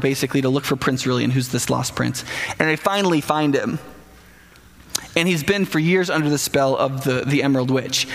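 A man's voice: a little high, a bit bright, long reverb tail. A man preaching a sermon in a conversational way, often stammering and restarting and putting questions to the listeners.

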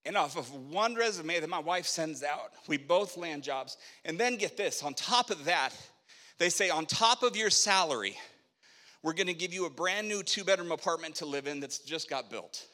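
A middle-aged man telling a personal faith story as a sermon, animated, acting out the dialogue of the people in it. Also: a little high, moderate pace. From Spokane, Washington, USA. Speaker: preacher telling his testimony. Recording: long echo of a hall.

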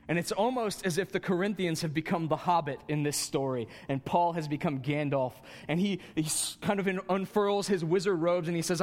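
A male pastor delivers a lively, humorous sermon, his voice rising sharply when he drives a point home. His voice sits a little high for a man. Long reverb from a large church room hangs behind every phrase. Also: fairly quick, few pauses. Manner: animated, climbs higher in pitch for emphasis, self-mocking humor.

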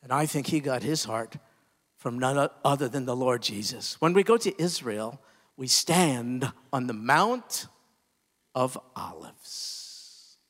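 A man preaching a sermon, impassioned, climbing to emphatic peaks and then dropping low and quiet. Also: lively intonation, a little slow, in a large hall. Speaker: pastor.

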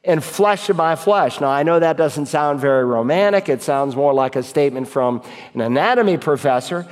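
A man's voice: on the high side, expressive, moderate pace, in a large hall. A man preaching a sermon, reading Bible verses aloud and explaining them as he goes. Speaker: pastor.

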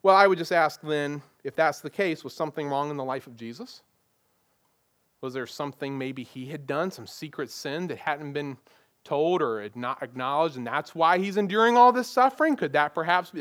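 Pastor, male, higher-pitched voice, conversational sermon delivery full of rhetorical questions. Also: lively intonation, moderate pace, a bit bright. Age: adult parent.

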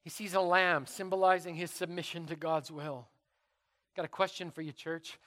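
A middle-aged man preaching a sermon in church, telling stories dramatically and dropping to a hush for emphasis. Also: on the high side, normal speed, long reverb tail. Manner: dramatic, animated storytelling with sudden drops to quiet. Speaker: pastor.

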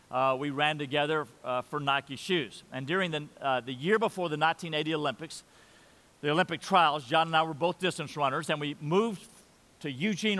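A man's voice: on the high side, pushed and bright, in a large hall. An older man in his sixties preaching a sermon in a church, earnest, repeating phrases and leading the congregation in saying lines aloud. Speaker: pastor.

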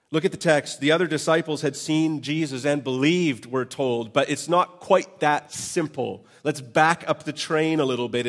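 A man preaching a Sunday sermon, reading scripture and telling stories, slipping into lively voiced quotes. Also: fairly high pitch. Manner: animated storytelling with voiced quotes. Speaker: pastor.

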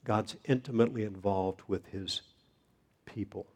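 A man preaching a sermon, reading scripture in a measured way. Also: on the low side, fairly even intonation, darkish tone, husky. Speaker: pastor.

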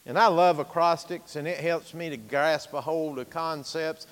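A man preaching a sermon as pastor, emphatic, swinging from loud to hushed, in a church sanctuary. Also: on the high side, fairly even intonation, normal speed, big-room sound.

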